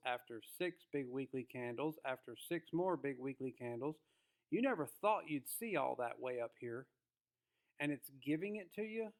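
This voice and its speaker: A man teaching viewers about trading in a casual, emphatic, folksy way, addressing them as guys. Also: mid-range voice. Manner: emphatic, folksy, acts out quotes. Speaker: trading educator. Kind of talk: casual spoken lesson to viewers.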